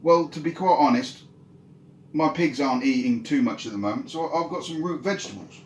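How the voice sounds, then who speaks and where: A man's voice: a little high, brisk, a little hiss or hum, natural voice. A man voicing a frank, matter-of-fact village farmer. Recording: roomy echo.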